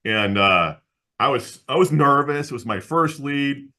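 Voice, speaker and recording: A man being interviewed as a guest, telling a story from his work in a lively way, with frequent laughs and restarts, and acting out the people he quotes. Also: mid-range voice, measured pace. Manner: animated storyteller who acts out the people he quotes. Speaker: guest, insurance agency owner.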